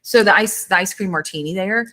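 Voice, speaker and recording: A woman guest on a podcast, talking casually in a halting way and stumbling over French names. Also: medium pitch, sharp tone. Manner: halting, full of fillers, fumbles French names. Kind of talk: casual chat.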